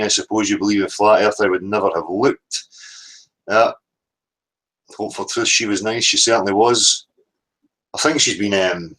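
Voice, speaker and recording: A man hosting a call-in show, with a voice sitting low for a man. He talks in a relaxed, chatty way and keeps dropping "you know" into his sentences. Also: poor audio. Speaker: host. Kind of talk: casual phone-in chat.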